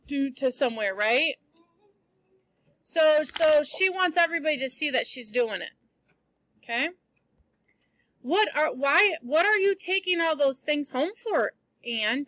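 A woman teacher reading a novel aloud to students, pausing patiently to explain words and ask questions. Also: high voice, fairly bright tone, dry recording, low-quality recording.

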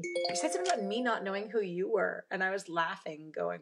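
A woman's voice: medium pitch, very fast, few pauses. Chatty woman crafting live. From Canada. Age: middle-aged. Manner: chatty, laughs often, talks to herself while working. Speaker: stamping demonstrator host. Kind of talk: casual live craft demo chatting with viewers.

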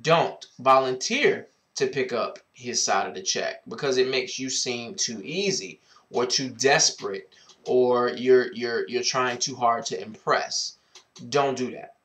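Sharp in tone and mid-range in pitch, this male vlogger hands out dating advice in a laid-back video. He's mouthy and blunt, curses without restraint, and keeps stretching out the same greeting catchphrase.

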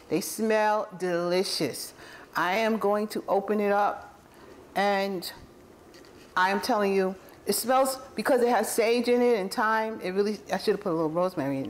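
A woman hosting a casual home-cooking video, chatty and rambling, often correcting herself mid-sentence and chuckling as she tastes the food. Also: mid-range voice. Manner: warmly enthusiastic about the food, chuckling. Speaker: cooking channel host.

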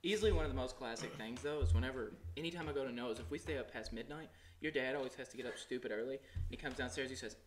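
A man's voice: medium pitch, quick pace, a little hiss or hum. A young man telling stories in casual podcast chat with friends. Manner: animated storyteller. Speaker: podcast co-host.

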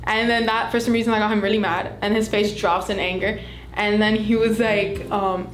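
Teen girl telling a lively work story. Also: medium pitch, moderate pace, roomy sound, soft background music. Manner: animated storytelling, acts out voices. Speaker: student retail worker. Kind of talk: casual anecdote.

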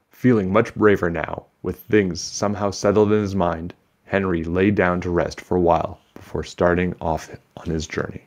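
A man reading a children's book aloud with steady, expressive storytelling. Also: deep voice, normal speed.

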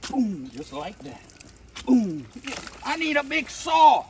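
His pitch swings hugely and he talks slowly. He's a Cajun-accented Louisiana man running a hands-on how-to demo, loud and full of slang with frequent "dude" and "boom," recorded from afar with heavy outdoor noise.

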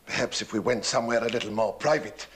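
An actor playing a lecherous, wealthy lord who speaks suavely and with innuendo, in a husky voice. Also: male voice, lowish voice, quick pace, a bit bright.

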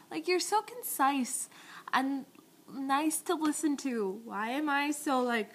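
A woman's voice: high-pitched, animated, measured pace, bright, forceful tone. A young woman chatting in a casual video message to friends. She talks in a rambling, giggly, awkward way, recorded on a tablet's built-in mic. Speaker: vlogger.

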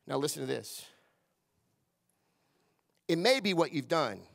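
Middle-aged pastor, fairly high voice, preaches with call-and-response and hushed asides. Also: male voice, animated, a little fast, gravelly, long pauses. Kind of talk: sermon. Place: church service.

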